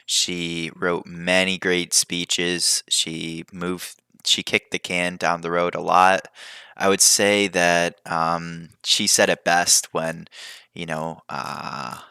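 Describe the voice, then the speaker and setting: Deep, bright-toned chatty man. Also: clear, resonant tone, dry recording, clean studio sound. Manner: chatty, drifts into tangents. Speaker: podcast host. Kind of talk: casual rambling monologue.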